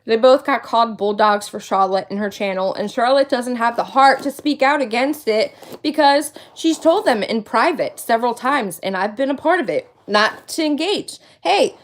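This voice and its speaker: Late 30s woman ranting on her stream, kinda high voice, keeps hammering her points. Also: moderate pace, hardly any pauses. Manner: indignant, emphatic, repeats points for emphasis. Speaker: livestream host. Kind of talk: casual venting livestream.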